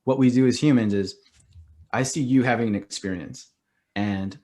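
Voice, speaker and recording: A middle-aged man talking as a podcast guest in casual conversation, animated and loose, leaning on "like" and acting out little quoted reactions. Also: mid-range voice, normal speed. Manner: animated, acts out quoted reactions, heavy use of "like".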